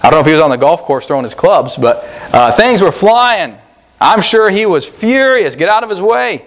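A man's voice: on the high side, fairly quick. A man preaching an earnest sermon at a church service, rising for emphasis and repeating his phrases. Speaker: pastor.

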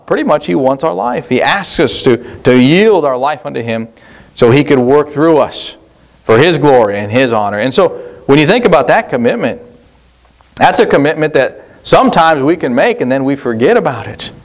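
Man preaching a plain-spoken sermon. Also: on the high side. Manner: plain preaching with restarts and rhetorical questions. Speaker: pastor.

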